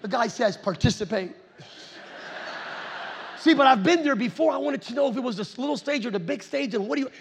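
A middle-aged male preacher telling a story from the pulpit in an animated, chuckling way, with sudden loud outbursts. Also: very high-pitched, a little fast, vocal fry, pauses often. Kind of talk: storytelling sermon.

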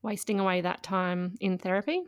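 A woman's voice: mid-range voice, fairly even intonation, moderate pace, smooth, no echo, clean studio sound. A woman, co-hosting a podcast and chatting casually about family life, laughing often and saying "like" a lot. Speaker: podcast co-host, parent. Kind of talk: casual chat.

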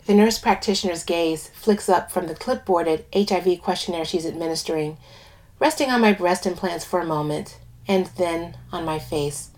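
A woman's voice: lowish voice, normal speed, a little mellow. A woman narrating a first-person story expressively, putting on voices for the characters.

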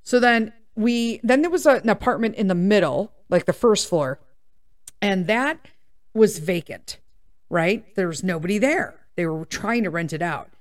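A woman hosting a podcast tells a story from her own life in a loose, chatty way. She swears freely, wanders off on tangents and keeps checking in with her listeners. Her voice sits at an ordinary pitch for a woman. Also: animated, normal speed. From Chicago area, USA. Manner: swears a lot, rambling tangents, keeps checking in with "okay?" and "right?". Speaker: podcast host. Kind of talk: casual personal storytelling.

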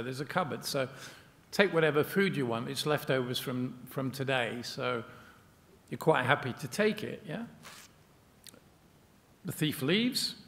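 Guy with a bit of fry explaining a buddhist story casually, lots of ums, long echo on it. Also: mid-range voice, a bit bright. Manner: storytelling with frequent fillers. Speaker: meditation center member discussing a Buddhist book.

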